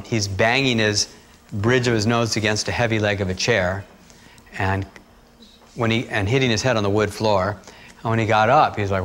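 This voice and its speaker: A man teaching breathing techniques, talking calmly and steadily through guided instructions. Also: on the low side, a little hiss or hum. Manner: calm, steady instructional talk with asides.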